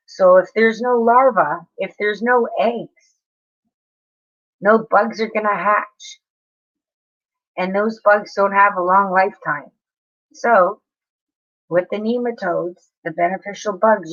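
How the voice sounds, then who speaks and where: A woman's voice: medium pitch, a bit bright, highs cut off. A woman chatting casually with viewers on a live stream, apologetic and talking straight to her chat.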